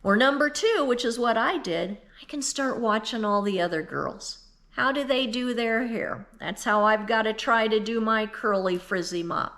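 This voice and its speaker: A woman's voice: on the high side, moderate pace, a bit bright. A woman in her fifties giving an earnest, emotional devotional talk, speaking straight to the listener and tearful at times. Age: 50s. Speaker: Christian speaker.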